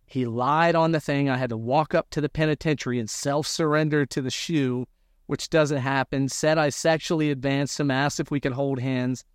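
A man telling his own story in an interview, animated and acting out the dialogue he quotes. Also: medium pitch, moderate pace, clear, resonant tone, dry recording, studio quality. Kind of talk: conversational storytelling.

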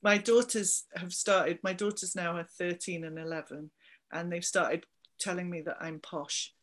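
A business founder in her forties from England, with a slight Somerset twang, chats upbeat as a guest in a casual interview and laughs easily. Her lowish voice is steady, moderately paced, and a bit bright.

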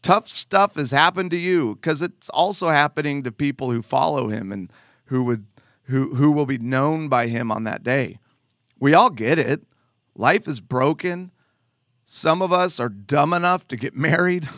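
Male preacher, unhurried sermon delivery with playful asides, dry close mic. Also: a little high, no echo. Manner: animated preaching with jokes and mock voices. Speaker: pastor.

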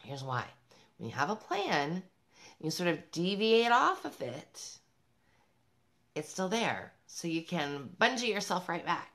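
A woman with a lowish, fairly bright voice speaks at a measured pace, her pitch swinging widely. As a parenting vlogger, she delivers a motivational talk to camera, emphatic and upbeat, speaking to mothers directly and laughing between points.

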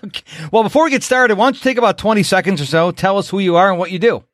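A man's voice: high-pitched, racing, no room sound, clean studio sound. A man from upstate New York hosting a podcast, chatty and upbeat as he interviews a guest. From Rochester, New York. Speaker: podcast host.

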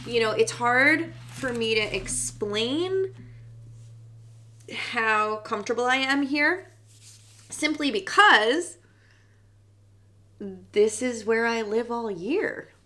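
A woman's voice: fairly high pitch, lively intonation, slow, pauses often, bright, forceful tone. Young woman hosting a psychic podcast, super chatty and bubbly, lots of likes and you knows. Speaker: podcast host, psychic medium. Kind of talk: casual chat.

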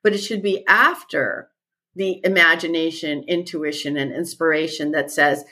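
Husky low-voiced woman, reflective. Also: fairly even intonation, moderate pace, pushed and bright. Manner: earnest, thoughtful, repeats key phrases. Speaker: retreat leader and guest. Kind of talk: reflective podcast conversation.

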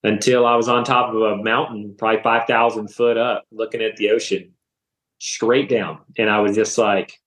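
A man in his thirties, a podcast guest, giving a personal faith testimony in animated, emotional storytelling full of casual slang. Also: lowish voice, normal speed. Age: 30s. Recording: roomy echo.

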